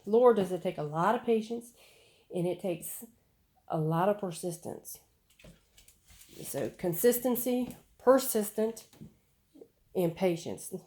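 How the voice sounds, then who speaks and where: A middle-aged woman, chatting casually while training a puppy and breaking off for quick commands. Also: mid-range voice, expressive. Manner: chatty, repeats words, sharp commands to puppy. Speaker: dog breeder.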